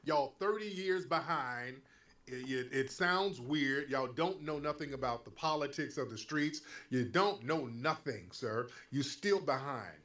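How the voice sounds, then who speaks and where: A man with a Black American accent, hosting a heated call-in talk show, mocking and animated, swinging from loud to soft. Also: mid-range voice, measured pace. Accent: Black American English. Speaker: host.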